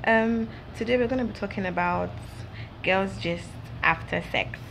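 A woman's voice: medium pitch, normal speed, creaky, fairly bright tone, slight background noise. A young woman, chatting and gossiping casually to her viewers with lots of fillers. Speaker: vlog host. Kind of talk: casual chat to camera.

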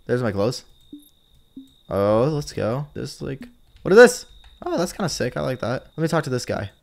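A young man streaming a game live, talking casually, swearing and yelling when things surprise him. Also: mid-range voice, moderate pace, vocal fry. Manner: excitable, swears a lot, yells when startled. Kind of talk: live-stream gaming commentary.

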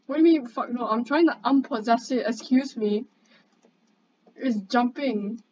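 A young woman with a high, bright-pitched voice gives excitable commentary on a game while bossing a friend around and tossing in casual swears. Her voice comes through a dull, lo-fi mic with a faint hiss behind it. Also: a little slow. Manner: excitable, chatty, bossy banter. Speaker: gamer.

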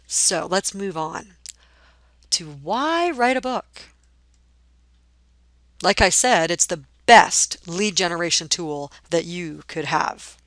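A woman's voice: medium pitch, a bit bright, no echo. A woman coach giving a recorded webinar training, telling personal stories in an earnest, motivational way. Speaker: business book coach.

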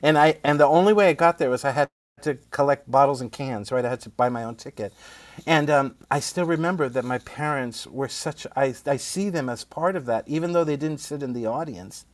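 A man's voice: medium pitch, a little fast, no room sound. A middle-aged man, a playwright guest telling stories in casual conversation, laughing often and asking "right?". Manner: animated storyteller who laughs often and asks "right?".

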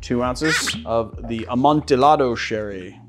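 A man's voice: mid-range voice, a little slow, music in the background. A man from the Boston area hosting a cocktail show, chatty and rambling as he mixes and tastes drinks. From Boston area, USA. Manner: chatty, rambling, animated asides. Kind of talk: casual cocktail-making demo.

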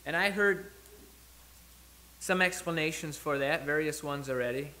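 A man delivers a sermon in a church, with a fairly high, bright and forceful voice. He talks it through like a conversation, stopping to restart or correct himself as he thinks out loud. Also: a little slow. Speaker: preacher.

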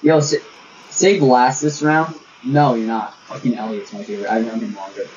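A young man streaming with friends chats with his teammates over gameplay, crude and joking as they bicker and tell stories. His medium-pitched voice is a little mellow, with little pitch movement and a moderate pace. The mic is distant, dull and lo-fi, with faint hiss.

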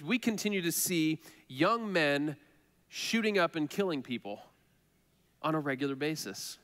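A man's voice: a little high, a bit bright. A man preaching a sermon as pastor, earnest and conversational, repeating phrases for emphasis. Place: church sanctuary. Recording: reverberant church hall.

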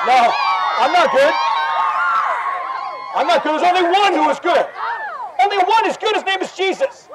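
High-voiced man preaching on a noisy street. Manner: fervent, repetitive, quoting scripture. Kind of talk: open-air preaching. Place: outdoors on an urban street. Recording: loud crowd and street noise. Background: loud crowd and street noise.

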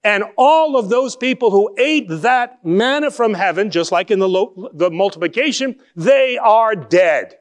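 A man with a high voice preaches a sermon in a conversational way. He poses rhetorical questions to his listeners and slows down to stress key phrases before speeding through asides. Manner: lively shifts between quick and slow emphatic phrasing. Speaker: pastor.

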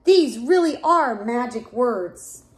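A woman voicing a small, earnest bear cub in a children's storybook, speaking softly. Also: a little high, expressive, slow, a little hiss or hum. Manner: soft, earnest.

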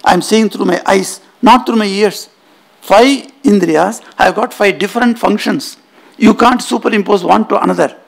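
A man's voice: high-pitched, normal speed, creaky. A man giving a spiritual lecture in an auditorium, telling stories emphatically and weaving in Sanskrit terms.

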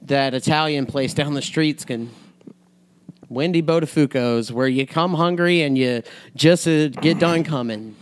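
A man's voice: fairly high pitch, a little slow. A man co-hosting a comedy podcast, joking crudely and laughing through his lines. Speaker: podcast co-host. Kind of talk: casual comedic banter.

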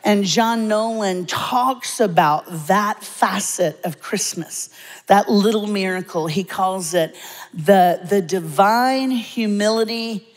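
Lively woman preaching, hall reverb. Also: mid-range voice. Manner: lively, humorous storytelling with dramatic pauses. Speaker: guest preacher. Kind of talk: sermon. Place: church sanctuary.

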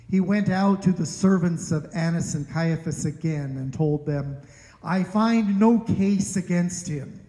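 A man reading scripture aloud at a worship service, slow and deliberate. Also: sits high, mellow. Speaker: scripture reader. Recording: echoey church with long reverb.

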